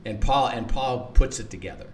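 A man's voice: medium pitch, moderate pace, darkish tone, distant mic, a little hiss or hum. A man teaching the Bible in conversation, earnest, acting out quoted lines and often repeating words.

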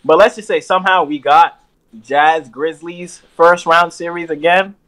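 Man, slightly high voice, animated and profane in casual sports banter. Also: measured pace. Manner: animated, profane storytelling with frequent "bro". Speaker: podcast co-host.

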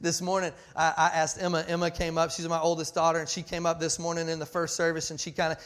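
A man in his forties preaching a sermon, passionate and full of restarts, swinging between loud emphasis and quiet asides. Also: on the high side, completely flat delivery, quick pace. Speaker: pastor.

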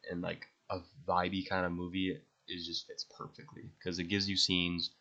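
A man's voice: sits low, monotone, moderate pace, sharp tone, lo-fi sound. A young man hosting a podcast, rambling enthusiastically through his favorite movies and swearing freely. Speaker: podcast host. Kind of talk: casual movie ranking monologue.

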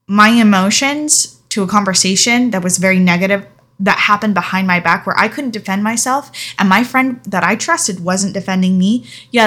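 Young woman, storytime vlogger, bright tense voice, frank and emotional. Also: medium pitch. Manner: frank, emotional, casual swearing. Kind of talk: candid storytime vlog.

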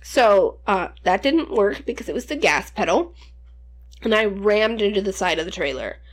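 A woman's voice: medium pitch, expressive, normal speed. Young woman rambling thru a swear-heavy story, voice bouncing all over. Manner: rambling, profane, laughing storyteller. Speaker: podcast co-host. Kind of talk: casual storytelling chat.

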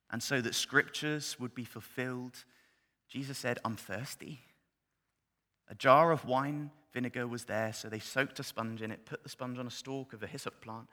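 A man preaching a sermon, moving between loud, impassioned build-ups and hushed, near-whispered scripture reading. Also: mid-range voice, big-room sound. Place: church hall.

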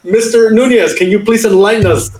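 Fast-talking man telling a story on a panel. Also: sits high, steady tone, darkish tone, echoey room, low-quality recording. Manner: quick, anecdotal, mixes Spanish and English. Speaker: panel guest. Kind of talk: panel discussion.

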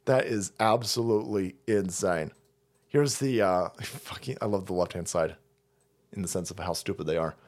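Foul-mouthed man ranting, lively pitch. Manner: foul-mouthed, mocking, laughing, swings between loud and muttering. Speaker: streamer. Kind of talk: profane political rant.

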